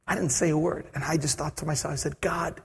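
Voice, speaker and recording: Animated preacher man in reverberant hall. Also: a little high, fast, creaky, husky. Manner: animated storytelling, acts out his own thoughts. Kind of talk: sermon with personal story. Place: church service.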